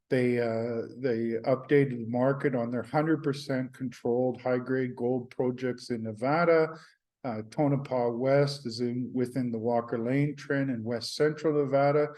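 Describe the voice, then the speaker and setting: A man hosts solo market commentary with a low-key, mellow tone. His pitch stays flat and even, and he pauses often on uh and um and restarts his sentences. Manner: hesitant, many fillers and restarts.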